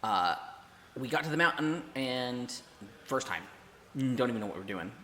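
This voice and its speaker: A man's voice: medium pitch, expressive, normal speed, bright, forceful tone, in a large hall, a little hiss or hum. A man hosting a podcast in casual chat, laughing along and giving short supportive replies. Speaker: podcast host.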